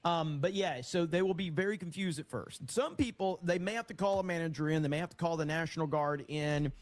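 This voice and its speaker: A man's voice: on the high side, fairly quick, no echo. A man streaming live, reading viewer comments aloud and ranting back at them with emphatic, mock-indignant energy. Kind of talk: livestream chat reading and banter.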